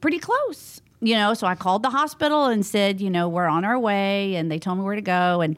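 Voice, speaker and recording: A woman, a guest in an interview, telling a story in a lively conversational way and acting out what people said. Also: mid-range voice, a little fast. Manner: animated, acts out what people said.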